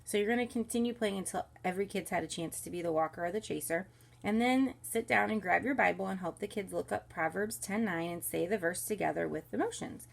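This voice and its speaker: A woman's voice: mid-range voice, fairly quick, gravelly. A woman who leads children's ministry, walking volunteer small group leaders through the week's kindergarten lesson in an upbeat, instructive way. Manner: soothes a baby softly mid-lesson. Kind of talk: recorded training walkthrough for volunteers. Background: crying baby.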